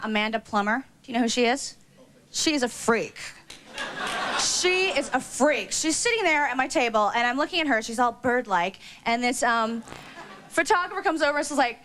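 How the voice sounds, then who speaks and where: Woman comic on stage, gossipy rambling bits, slightly high voice, faint hiss. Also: a bit bright. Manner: gossipy, quick asides, lots of fillers. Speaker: stand-up comedian. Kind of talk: stand-up routine.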